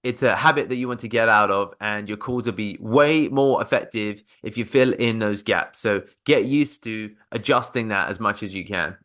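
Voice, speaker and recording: A man's voice: lowish voice, moderate pace, hardly any pauses, fairly bright tone. A man teaching cold-calling technique with energy, breaking off to act out sample phone phrases. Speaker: sales coach. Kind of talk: instructional talk to camera.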